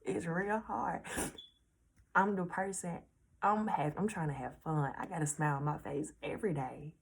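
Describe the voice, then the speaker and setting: A woman's voice: low voice, fairly even intonation, moderate pace, gravelly, slight background noise. A 19-year-old woman speaking earnestly and casually to her viewers in a heartfelt storytime vlog, repeating reassurances. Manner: casual slangy speech. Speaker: vlogger.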